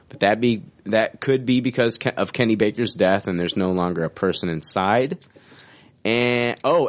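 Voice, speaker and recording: A man co-hosting a casual fan podcast, excited and rambling, swearing now and then. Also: fairly low pitch. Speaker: podcast co-host.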